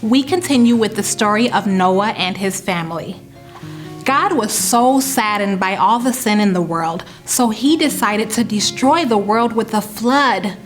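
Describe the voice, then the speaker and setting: A woman hosting a children's Bible lesson, narrating the story clearly in a way meant for kids. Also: medium pitch, lively intonation, unhurried, faint music behind.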